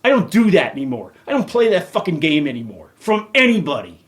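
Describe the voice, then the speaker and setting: A man's voice: fairly high pitch, wildly swooping pitch, a little fast. A middle-aged man hosting a podcast, ranting angrily and cursing heavily. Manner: profane, heated, emphatic. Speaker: podcast host. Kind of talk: angry rant.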